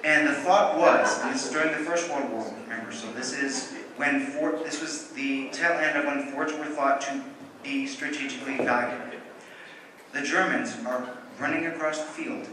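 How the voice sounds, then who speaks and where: A drunk man telling a war story at a convention panel, rambling and correcting himself with animated bursts. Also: medium pitch, moderate pace. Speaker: panel presenter telling history. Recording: echoey hall, from far off, noisy.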